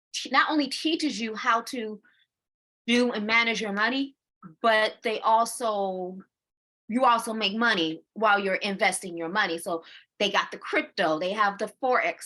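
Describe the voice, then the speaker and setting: A bright, lively woman in her forties chats casually as co-host, her tone crisp and forward. She repeats words as she gathers her thoughts. She laughs often and acts out her own inner voice mid-sentence. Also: medium pitch. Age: 40s. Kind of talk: casual chat.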